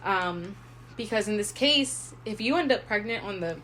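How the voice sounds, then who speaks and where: A woman's voice: mid-range voice, moderate pace, a little hiss or hum. A young woman in her twenties co-hosting a podcast, telling a personal story in a casual, chatty way, full of "like" and quoted thoughts. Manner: chatty, heavy use of "like", animated retelling with quoted inner thoughts. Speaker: podcast co-host.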